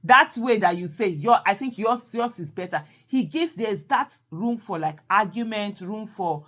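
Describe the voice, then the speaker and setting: A woman's voice: mid-range voice, animated, measured pace, a bit bright. A woman with a Nigerian accent, talking casually and animatedly, repeating phrases and slipping into Pidgin. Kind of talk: casual monologue.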